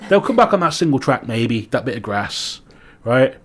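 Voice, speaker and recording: A young man with a Manx accent, co-hosting a casual chat podcast, who swears freely and gets animated when he rants. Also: medium pitch, normal speed, husky. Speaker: podcast co-host.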